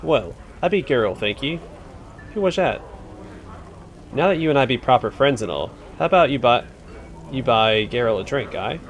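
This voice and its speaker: A rough, wheedling tavern drunkard cadges drinks, as a man reads him aloud. He talks in folksy broken grammar and tags "aye" onto his lines. His pitch swings up and down in a lively way. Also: moderate pace, long pauses, highs cut off, lightly acted.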